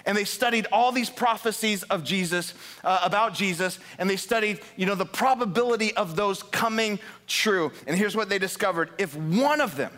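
Male pastor, higher voice, energetic sermon delivery, rallies the congregation with questions. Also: moderate pace, few pauses. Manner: energetic, builds to fired-up emphasis, asks the congregation questions. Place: church sanctuary.

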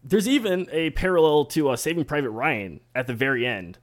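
A man guest on a podcast, explaining at length in a steady, wry, casual way. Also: on the high side, a little fast.

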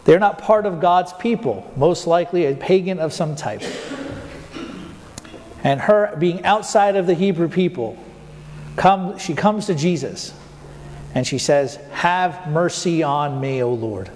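A male pastor preaching a sermon, putting rhetorical questions to the congregation and slowing down to stress key points. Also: high voice, expressive, darkish tone, big-room sound, a little hiss or hum. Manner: asks the congregation rhetorical questions, slows down for emphasis.

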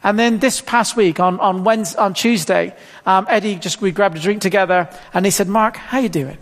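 A man's voice: high voice, steady tone, fairly quick, fairly bright tone. A man in his fifties preaching a sermon in a church hall, chatty and self-deprecating, often stumbling and repeating words. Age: 50s. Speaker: pastor. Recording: long hall reverb.

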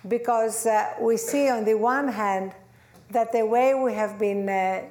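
A woman's voice: on the high side, a little slow, a little mellow. Woman, Greek accent, guest speaker, conversational, echoey hall. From Greece. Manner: gracious, conversational, with fillers. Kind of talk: public talk. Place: lecture hall.

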